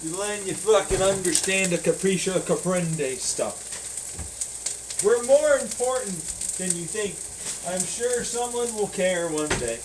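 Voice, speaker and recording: A casual, profane monologue from an audio blogger who keeps drifting into put-on voices. The pitch sits in a middling range. A clear sizzle of food frying runs underneath the whole time. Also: a little slow, background noise.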